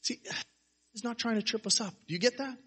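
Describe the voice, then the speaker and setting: Animated male preacher with a bright, husky voice. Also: extremely high pitch, a little fast. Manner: animated, rhetorical questions, acts out quotes. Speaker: pastor. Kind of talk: sermon.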